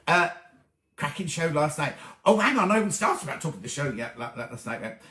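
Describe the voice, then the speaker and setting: A middle-aged man rambles cheerfully through a home live stream, greeting viewers and losing his thread. His voice sits a touch high and swings widely in pitch. The small room around him rings with echo. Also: sing-song, a little fast, bright, forceful tone. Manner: chatty, scatterbrained, cheery, easily sidetracked. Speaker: host of a live sewing chat stream.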